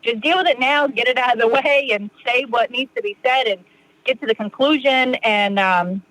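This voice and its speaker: A woman's voice: fairly high pitch, normal speed, fairly bright tone, dry recording, low-quality recording. A woman in her thirties from Massachusetts, a podcast guest chatting casually about her recovery, rambling with lots of "you know" and restarts. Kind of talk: casual interview talk.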